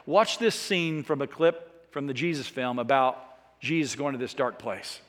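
A man's voice: mid-range voice, measured pace, long reverb tail. A man preaching a sermon in an earnest, conversational way, with small restarts. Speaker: pastor.

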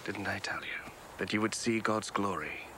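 A man playing a solemn Jesus, deep and measured. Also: close to an everyday voice. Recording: film audio with steady noise.

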